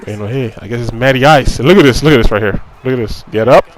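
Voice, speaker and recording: A male gaming commentator with a mid-range voice talks fast over his own football video game match, captured in a low-quality recording. He rants casually and with frustration, leaning on "you know" and repeated phrases.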